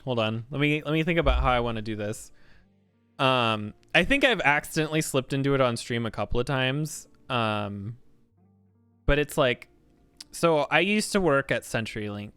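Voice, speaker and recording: A man chatting his way through a game stream, his speech rising and falling a lot as he thinks aloud. The sound is smooth and clear, close and dry, and slightly worn from hours of talk. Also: mid-range voice, expressive, normal speed, a bit bright, dry recording, faint music behind. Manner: rambling, thinking aloud with many fillers. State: slightly worn from long talking. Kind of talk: casual gameplay commentary.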